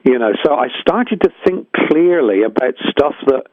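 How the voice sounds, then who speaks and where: A man's voice: medium pitch, animated, moderate pace, no room sound. An older man, a guest musician telling frank, rambling stories full of restarts and acted-out quotes. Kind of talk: reflective storytelling interview. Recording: tinny phone-line sound, dry.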